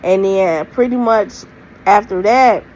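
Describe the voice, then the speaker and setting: A storytime vlogger speaks straight to her camera audience, rambling through a loose, slangy retelling full of "like"s. Her medium-pitched voice is a little mellow and unhurried, and the rough recording carries a bit of hiss or hum.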